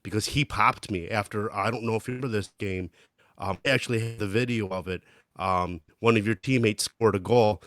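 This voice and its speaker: Podcast guy just chatting thru his stories, lowish voice, super dry mic. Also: brisk, a bit bright, dry recording. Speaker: podcast co-host, amateur hockey player. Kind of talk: casual chat.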